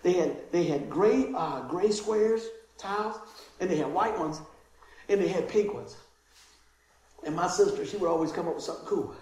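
A middle-aged man, a pastor, preaching a sermon and telling a childhood story, animated and laughing, with voices for the people in it. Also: high-pitched, moderate pace. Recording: very echoey hall.

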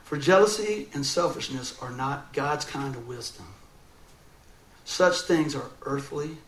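A man's voice: mid-range voice, measured pace, reverberant, a little hiss or hum. A man preaching a sermon, telling a funny personal story and laughing often as he goes. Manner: animated, laughing through funny stories. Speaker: pastor.

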